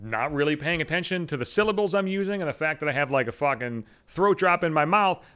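A man's voice: on the high side, animated, fast, bright, forceful tone, smooth. A man hosting a solo comedy podcast, ranting in a profane, exasperated and self-mocking way. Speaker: podcast host.

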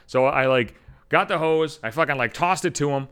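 A man's voice: fairly high pitch, fairly quick, fairly bright tone, clean tone. A man hosting a podcast, telling a story in a rambling, profane, self-mocking way. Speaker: podcast host. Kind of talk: casual solo storytelling.

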